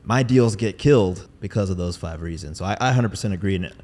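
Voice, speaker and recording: Quick low-voiced podcast co-host. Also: male voice, darkish tone, long reverb tail. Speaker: podcast co-host, software seller. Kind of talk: casual podcast chat. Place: podcast studio.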